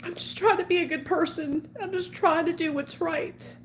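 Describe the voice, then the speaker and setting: A woman's voice: very high-pitched, fairly even intonation, moderate pace, a little hiss or hum. A woman in her forties talking candidly to her viewers in an emotional, rambling confessional vlog. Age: 40s. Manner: emotional, earnest, rambling with fillers. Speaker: vlogger.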